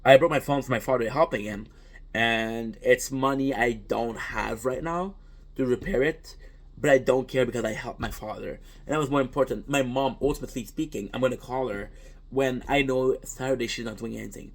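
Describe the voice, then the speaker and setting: This man speaks at a medium pitch and a normal speed, French being his first language. He's a content creator in a casual, reflective monologue, earnest and rambling, frequently restarting and swearing.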